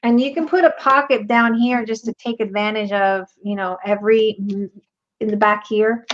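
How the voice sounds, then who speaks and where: A woman's voice: medium pitch, steady tone, normal speed, highs cut off. A woman hosting a craft tutorial, chatting casually and teasing playfully as she works. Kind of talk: casual demo while crafting.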